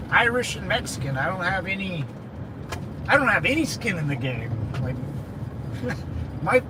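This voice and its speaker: A man's voice: high-pitched, background noise. A man in his thirties telling loose stories to his viewers, laughing often and saying "dude" and "man" a lot. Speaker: veteran channel host. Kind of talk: casual storytelling chat.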